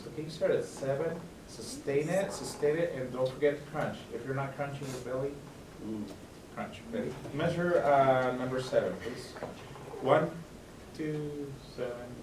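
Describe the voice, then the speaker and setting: A man's voice: medium pitch, moderate pace, recorded from a distance, noisy background. A man conducting a school band rehearsal, giving instructions between passages and often checking that the players understand. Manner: coaching, often asks if it makes sense. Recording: roomy, off-mic, band playing.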